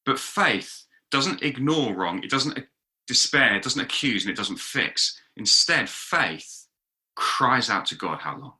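Bright-voiced man preaching a lively sermon. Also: medium pitch, a little slow. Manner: lively storytelling with acted-out quotes. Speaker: pastor. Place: talk recorded for an online gathering.

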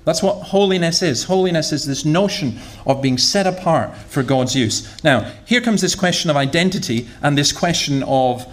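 Preacher, chatty and joking. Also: male voice, fairly high pitch, expressive, moderate pace, few pauses. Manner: conversational, humorous storytelling, repeats words. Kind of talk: sermon.

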